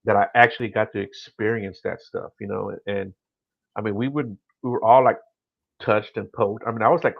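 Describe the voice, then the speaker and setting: A man asking questions on a podcast and telling his own stories in a relaxed, easygoing way. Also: fairly low pitch, normal speed, creaky, slightly rough, dry recording, phone-quality sound. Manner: relaxed, easygoing storytelling with "uh" and "you know". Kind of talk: casual podcast chat.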